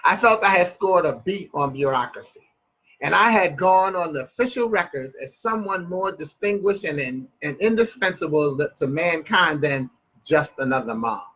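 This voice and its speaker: A man's voice: on the high side, expressive, normal speed, fairly bright tone, lo-fi sound. A man hosting a broadcast, reading a story aloud with chatty asides and stumbling restarts. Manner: chatty, loses his place and restarts.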